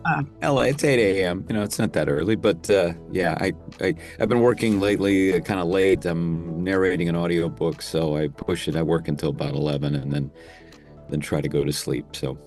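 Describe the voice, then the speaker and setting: A man's voice: deep voice, brisk, darkish tone, faint music behind. A man, an actor and impressionist, chatting as an interview guest in a rambling, easygoing way with easy laughs. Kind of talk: casual interview chat.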